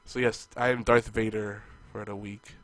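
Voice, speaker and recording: A man's voice: lowish voice, little pitch movement, normal speed, fairly bright tone, no echo. A man hosting a casual gaming podcast, rambling and joking loosely while audibly congested. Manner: rambling, jokey, loose delivery. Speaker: podcast host. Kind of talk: casual chat. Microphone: monitored podcast mic.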